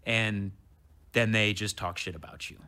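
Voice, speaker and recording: A man in his thirties, a comedian guest, telling a story in casual chat, animated and swearing as he acts out what people said. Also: fairly low pitch, a little slow, clear, resonant tone.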